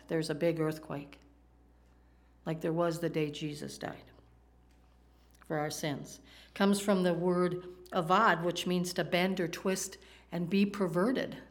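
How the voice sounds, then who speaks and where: A woman preaching a sermon in a conversational way, often asking her listeners questions. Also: sits low. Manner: conversational, asks the audience questions.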